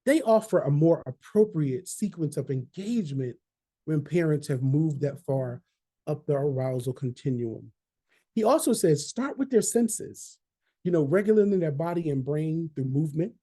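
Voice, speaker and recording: A man's voice: fairly high pitch, animated, normal speed, warm tone. A man leading a training session, talking conversationally, repeating key phrases and checking in with "right?". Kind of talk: online training talk.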